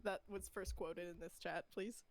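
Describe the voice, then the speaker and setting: A woman's voice: on the low side, fairly even intonation, moderate pace. A woman player chatting casually in a tabletop game, playful and giggly.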